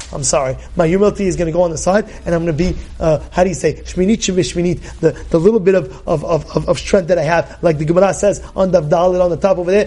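Rabbi guy, pretty high voice, gets loud and emphatic, keeps asking questions. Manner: emphatic, animated, loud outbursts and rhetorical questions. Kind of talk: Torah class.

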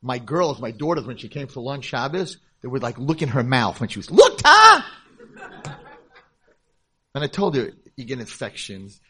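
A middle-aged man, a rabbi, telling a story to a convention audience in a lively way and acting out the voices in it. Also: mid-range voice, brisk, hardly any pauses, breathy edge. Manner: animated storytelling, acts out voices in dialogue. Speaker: rabbi and speaker. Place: convention hall, live talk.

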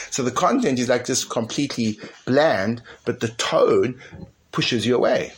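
A man leading an informal Torah class, animated and emphatic, dropping to a hushed tone at times, with many fillers and restarts. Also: mid-range voice, normal speed, slight background noise. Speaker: teacher.

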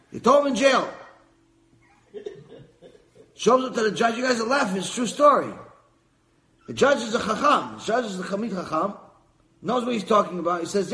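A man gives an animated Torah lesson full of storytelling. His voice is high and swings widely for emphasis. The sound echoes around a roomy hall with an audience. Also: normal speed, pauses often. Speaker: rabbi teaching a class. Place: lecture room with audience.

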